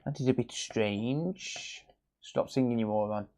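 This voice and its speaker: A man's voice: mid-range voice, a little slow, darkish tone. A man chatting casually and crudely with viewers during a live repair stream. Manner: crude joking banter with chat, sweary. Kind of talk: casual livestream chat while repairing.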